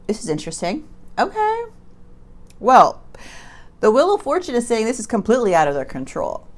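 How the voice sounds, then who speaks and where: A woman's voice: on the high side, huge pitch swings, normal speed. A woman giving a casual tarot reading to her viewers, chatty and emphatic, often stumbling and restarting her sentences. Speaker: tarot reader.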